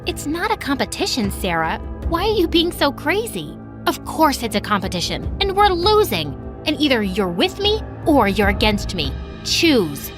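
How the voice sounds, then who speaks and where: Melodramatic vain teen girl, voiced by a woman; very high, lively, over music. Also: normal speed. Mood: scheming. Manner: shrill, melodramatic. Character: vain, dramatic teenage girl twin.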